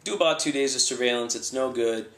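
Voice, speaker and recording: A man's voice: mid-range voice, a little fast, roomy sound. A man telling a casual anecdote about tracking down a fugitive, acting out the voices in the quotes. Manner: animated, acts out voices in quotes. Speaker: bail enforcement agent.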